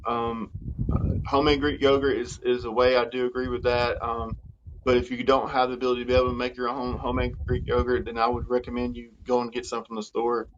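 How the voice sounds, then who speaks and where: A man coaching on health in a live question-and-answer chat, talking in a halting way with many fillers and restarts. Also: medium pitch, level tone, lo-fi sound, a little hiss or hum.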